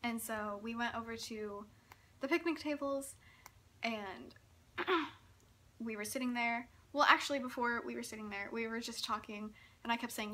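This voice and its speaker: A young woman recounts a story in a chatty vlog, laughing often and tumbling over her words with excitement. Her voice sits a little high and sounds very bright. A faint hiss runs underneath. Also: moderate pace. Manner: giggly, breathless and excitable, full of "like". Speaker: vlogger.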